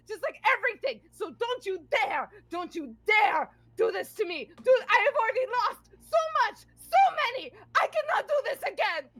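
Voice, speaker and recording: A woman voicing a protective, grieving woman fighter who shouts and pleads through tears. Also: very high-pitched, voice pushed up, full character voice.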